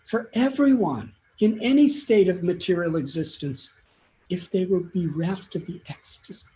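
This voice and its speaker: A man's voice: high-pitched, dark tone, a little hiss or hum, rough recording. A man telling a devotional story as a sermon, in an earnest and heartfelt way. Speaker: spiritual teacher giving a talk.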